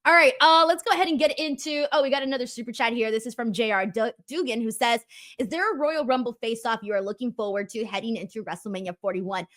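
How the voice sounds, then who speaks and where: A woman's voice: fairly high pitch, fast talker, a bit bright. A woman hosting a casual wrestling review show, reading viewer messages and laughing often. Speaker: host.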